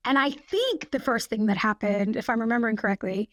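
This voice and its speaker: A woman in her forties, a podcast guest, telling stories in a quick, chatty way full of "like". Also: a little high, no room sound. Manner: chatty, fast storytelling with frequent "like". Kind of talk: casual anecdote telling.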